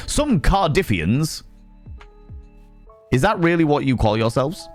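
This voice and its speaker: A man with a West Country accent chatting casually on a live stream, reacting to chat with quick, sweary asides. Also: fairly high pitch, sing-song, faint music behind. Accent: West Country English.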